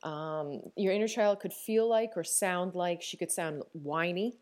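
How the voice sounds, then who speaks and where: A woman's voice: fairly low pitch, unhurried, darkish tone. A woman in her thirties with a Newfoundland accent, hosting a reflective personal podcast in a candid, chatty way, laughing often and restarting her sentences. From Newfoundland, Canada. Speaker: podcast host.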